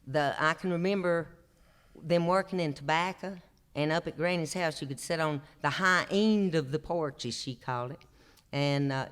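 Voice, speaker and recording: Appalachian storyteller in his sixties, slightly high, smooth voice, drawling homespun delivery on stage. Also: fairly bright tone. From Appalachian North Carolina. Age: 60s. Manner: drawling, homespun, chuckles through his stories. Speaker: traditional singer and storyteller. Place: opera house stage, live show.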